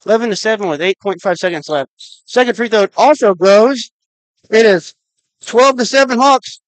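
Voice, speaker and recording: A play-by-play announcer, an adult, calls a high school basketball game on the radio, rapidly clipping off each pass and shot and counting the clock down aloud. The recording is rough but has no echo.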